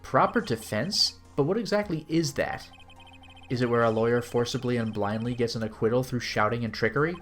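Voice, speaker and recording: A man's voice: mid-range voice, brisk, a bit bright, faint music behind, close to an everyday voice. A man voicing a flustered, earnest young male defense lawyer who stammers when rattled.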